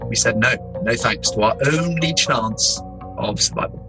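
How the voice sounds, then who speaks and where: A young man from England, an explorer, telling his own story in a casual, animated way, laughing as he goes. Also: medium pitch, music in the background, rough recording. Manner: animated, laughing, doing quick impressions of people.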